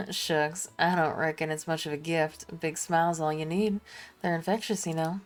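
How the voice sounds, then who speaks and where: A woman's voice: low-pitched, fairly even intonation, moderate pace, faint music behind, close to an everyday voice. A woman voicing a kindly young male traveling apothecary with a put-on Southern drawl, reading game dialogue aloud. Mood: reassuring. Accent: put-on American Southern. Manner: folksy, reassuring drawl.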